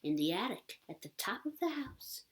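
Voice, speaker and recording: Woman doing a hoarse, tearful old woman. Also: medium pitch, big pitch swings, moderate pace, close to an everyday voice. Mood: sorrowful whisper. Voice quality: hoarse whisper. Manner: breathy whispering, tearful pleading. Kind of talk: storybook audiobook reading.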